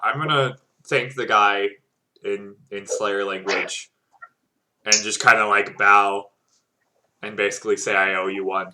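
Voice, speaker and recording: A man's voice: lowish voice, steady tone, unhurried, long pauses, bright, forceful tone. A man playing a tabletop game, joking and laughing as he describes his actions. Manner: laughing, playful. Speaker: player. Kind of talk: casual tabletop play.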